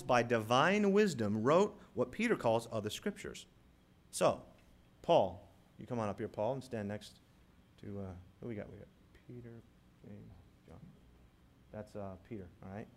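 A man pastor preaching a sermon, reading scripture slowly and swelling loudly on key words as he teaches his congregation. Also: medium pitch, lively intonation. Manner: emphatic preacher, rising loud on key words, slows to read scripture. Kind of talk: sermon with live props.

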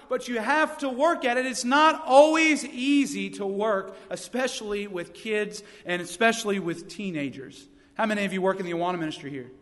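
A man's voice: high-pitched, a bit bright. A young man, a youth pastor preaching a sermon with energy and funny stories. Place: church sanctuary. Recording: long reverb of a church hall.

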